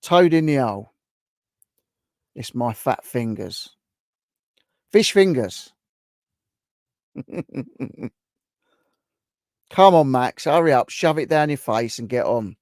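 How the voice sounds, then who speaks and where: A man's voice: medium pitch, expressive, takes it slowly, long pauses, a little mellow, no echo, studio quality. A man hosting a live stream, chatting casually and reacting to viewers' guesses as he reads their comments aloud.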